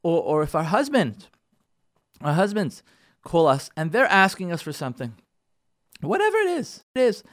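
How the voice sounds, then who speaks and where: Rabbi man giving a class, high voice that swoops all over, dry close sound. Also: normal speed, pauses often, dry recording. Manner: animated, acts out pleading prayers; mixes Hebrew and Yiddish terms into English. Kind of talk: Torah class.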